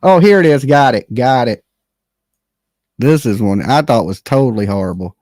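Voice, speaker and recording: A livestream host giving animated, blunt and profane commentary, talking straight to the chat and opening call-in lines. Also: medium pitch, moderate pace, dry recording, clean studio sound. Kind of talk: live-stream commentary with call-ins.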